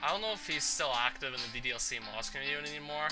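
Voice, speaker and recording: A man casually commenting on a game and reading its text aloud, thinking out loud as he goes. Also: medium pitch, rapid-fire, over music, low-quality recording. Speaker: let's player.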